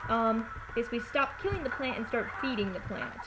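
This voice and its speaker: A woman talks through a video game in a loose, chatty way, tossing out playful jokes as she goes. Her voice sits a little high. A steady hiss of background noise runs under the recording. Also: fairly quick. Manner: playful, chatty, joking asides. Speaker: let's play commentator. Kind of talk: casual gameplay commentary. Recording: noisy home recording with hiss.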